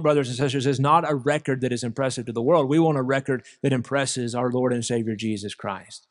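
A man's voice: fairly high pitch, big-room sound. A man preaching an earnest sermon to his congregation, calling them brothers and sisters. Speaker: pastor. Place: church sanctuary.

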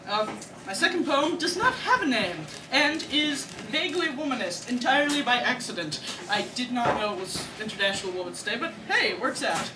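A woman's voice: a little high, animated, moderate pace, noisy background. A woman poet reading her poems at a bar, joking and self-mocking between pieces. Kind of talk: poetry reading. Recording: echoey room, far from the mic.

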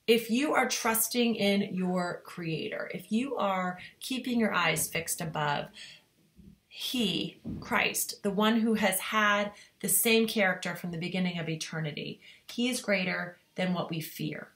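A woman's voice: fairly low pitch, measured pace, fairly bright tone. A woman in her forties giving an earnest, emphatic devotional Bible teaching, retelling a story with rising emphasis. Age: 40s. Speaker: devotional leader.

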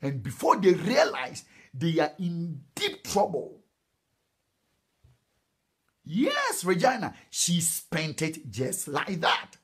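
A middle-aged Ghanaian man preaching a sermon, emphatic and animated, with sudden high exclamations. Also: takes it slowly, long pauses, slightly rough. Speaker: pastor.

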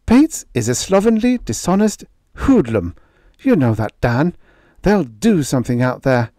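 A man's voice: on the high side, sing-song, unhurried, dark tone, no room sound, studio quality, voice pushed up. A man voicing an anxious young ranch wife who pleads urgently, in an audiobook reading. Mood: alarmed.

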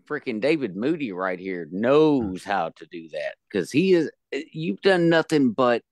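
A man hosting a podcast, joking and talking in a loud, animated way. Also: mid-range voice, a little slow, no echo. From United States. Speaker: podcast host. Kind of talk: casual podcast chat.

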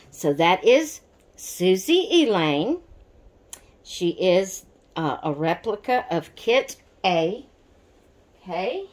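A woman, chatting in a casual vlog about her dolls, emotional and rambling, often correcting herself. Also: mid-range voice. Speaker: doll collector vlogger.

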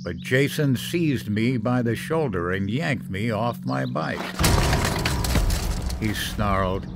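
A man reading a horror story aloud in a measured, dramatic storytelling manner, with a hum in the recording. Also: medium pitch, expressive, vocal fry. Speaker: narrator. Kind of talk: scripted horror story narration.

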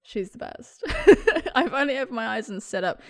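A woman's voice: on the high side, animated, moderate pace. A young woman giving casual, gushing commentary on a video game she plays, bubbly and often giggling. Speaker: let's play gamer.

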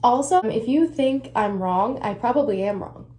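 A woman's voice: a little high, animated, normal speed, warm tone. A young woman chatting casually through a hair tutorial as a beauty vlogger, rambling and self-mocking with lots of fillers. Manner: drifts into whispering at times.

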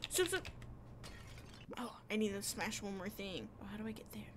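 A woman's voice: medium pitch, fairly even intonation, fast, noisy background. A young woman casually commenting on a game as she plays, playful and chatty with sing-song bits. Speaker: gaming streamer.

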